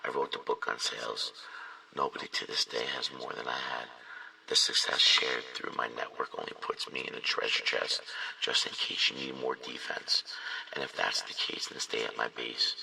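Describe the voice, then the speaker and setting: A man's voice: very deep voice, level tone, moderate pace, creaky, sharp tone. A man performing spoken word poetry with a rhythmic, rhyming, intense delivery. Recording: distant mic in a reverberant room.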